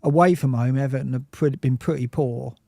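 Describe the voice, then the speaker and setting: A man's voice: medium pitch, fairly even intonation, a little fast, vocal fry, mellow, no echo, clean studio sound. A man co-hosting a football podcast, chatty, laughing easily and restarting his sentences. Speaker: podcast co-host. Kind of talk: casual football chat.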